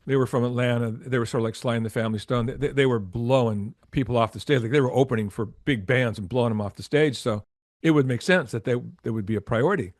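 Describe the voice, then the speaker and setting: A man's voice: mid-range voice, fast, no echo. Older male guest, storyteller, acts out dialogue, dry close sound. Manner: animated anecdotes with acted-out quotes, frequent restarts. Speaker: former record label promotion executive, guest. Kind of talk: storytelling interview.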